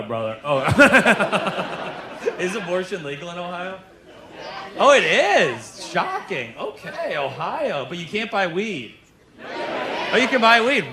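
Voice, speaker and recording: A man doing a stand-up set with crowd work, brash and sarcastic, shouting some punchlines. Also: on the high side, background noise. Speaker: stand-up comedian. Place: comedy club stage with laughing audience. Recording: live club recording with audience laughter. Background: crowd laughter.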